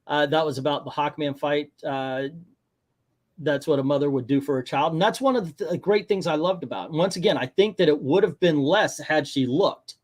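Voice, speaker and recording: A man's voice: a little high, brisk. A man hosting a casual movie review chat, sarcastic and breaking into mocking voices for the characters.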